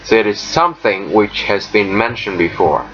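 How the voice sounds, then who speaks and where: A man teaching an English lesson, explaining step by step with frequent pauses and fillers. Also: lowish voice, a bit bright, soft background music. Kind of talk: recorded lesson walkthrough. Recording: dull lo-fi recording, faint noise.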